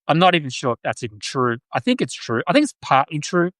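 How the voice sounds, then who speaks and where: A man's voice: fairly high pitch, very animated, quick pace, fairly bright tone, no echo. A man with an Australian accent hosting a podcast, talking through political commentary in a casual, rambling way that circles back and corrects itself. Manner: rambling, self-correcting, many restarts. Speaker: podcast host. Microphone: livestream mic.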